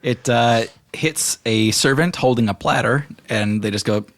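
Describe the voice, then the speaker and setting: A man narrating as game master in a playful, animated way. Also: medium pitch, a little slow, crowd noise.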